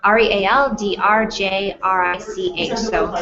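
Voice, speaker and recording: A woman's voice: mid-range voice, fairly even intonation, measured pace, crowd noise. A woman hosting a live conference chat from a theater stage, bubbly and effusive in casual interview talk. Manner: bubbly, effusive, laughs often. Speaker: host. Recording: echoey room, dull lo-fi sound.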